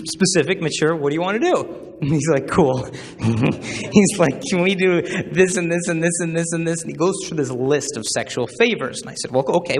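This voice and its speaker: Animated man speaking in an echoing hall. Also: a little high. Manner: animated storytelling, acts out voices. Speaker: chastity speaker. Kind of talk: humorous public talk to students.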